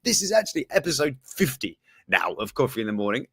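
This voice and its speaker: A man's voice: mid-range voice, very animated, fast talker, pushed and bright, slightly rough, no room sound, clean studio sound. A man hosting a casual live-stream news chat, rambling and cheeky, full of fillers and self-mocking asides.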